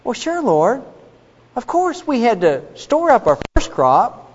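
A man's voice: very high voice, huge pitch swings, slow, breathy edge, voice pushed up, heavily acted. A man voicing Cain as a sheepish farmer making apologetic excuses. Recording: dull recording with long hall reverb.

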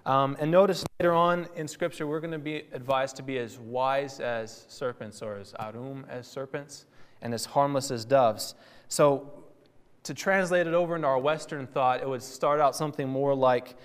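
A man's voice: mid-range voice, fairly even intonation, normal speed, smooth. A man teaching a sermon in a conversational, teacherly way, with fillers and self-corrections. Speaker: Bible teacher. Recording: long hall reverb.

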